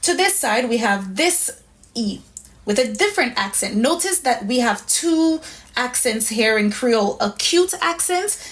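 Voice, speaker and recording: A woman's voice: a little high, expressive, unhurried, fairly bright tone. A woman teaching a pronunciation lesson step by step, patient and methodical, often checking in with "right?". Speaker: language teacher.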